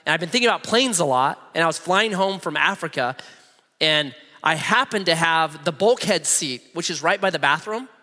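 Lively high-voiced preacher in a hall. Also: male voice, moderate pace. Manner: animated, humorous, acts out voices. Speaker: pastor. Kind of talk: sermon with personal storytelling. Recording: long reverb of a large hall.

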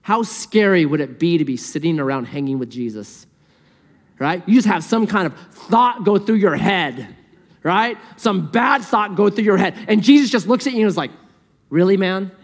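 A man preaching a sermon in a conversational, lively way, asking the listeners rhetorical questions. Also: sits high, moderate pace, long reverb tail. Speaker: pastor.

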